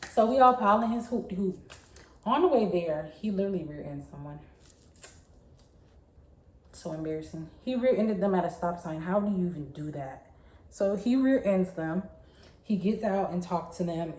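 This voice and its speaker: A young woman, telling a story in a chatty, animated way. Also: medium pitch, moderate pace. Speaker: vlogger. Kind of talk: casual storytime. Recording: echoey room.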